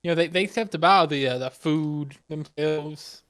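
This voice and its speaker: A man co-hosting a podcast, talking loosely in slang with many halting fillers. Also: a little high, fairly bright tone, clean tone. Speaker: podcast co-host. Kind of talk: casual chat.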